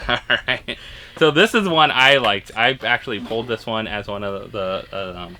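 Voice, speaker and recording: Bright, lowish-pitched man host, casual rambling unboxing chat, faint hiss. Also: moderate pace. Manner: chatty, rambling, many fillers and restarts. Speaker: collectibles channel host.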